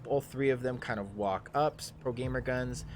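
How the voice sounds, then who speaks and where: A man narrating a live tabletop game as game master, pausing often with ums and uhs. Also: medium pitch, slight background noise. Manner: halting, full of ums and uhs.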